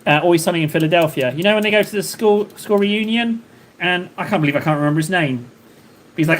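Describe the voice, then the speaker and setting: A man's voice: high voice, fast. A man hosting a livestream, chatting casually and joking with his viewers, rambling with many fillers and restarts. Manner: rambling, jokey, lots of fillers and self-interruptions. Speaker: livestream host. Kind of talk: casual chat with live chat readers.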